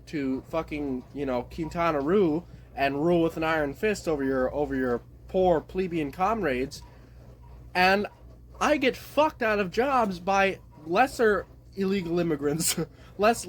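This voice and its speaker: A man from the desert Southwest of the US rants to camera in a blunt, rambling monologue that is often profane. His voice sits a bit higher than most men's, with a faint hiss of noise under it. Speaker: vlogger. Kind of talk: casual monologue rant.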